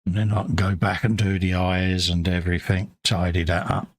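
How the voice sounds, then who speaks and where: A man's voice: low voice, level tone, normal speed. A British man hosting a live stream, chatting casually and muttering asides to himself as he paints models. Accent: British English. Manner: chatty, mumbling asides to himself while working. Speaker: livestream host painting models. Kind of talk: casual chat while painting.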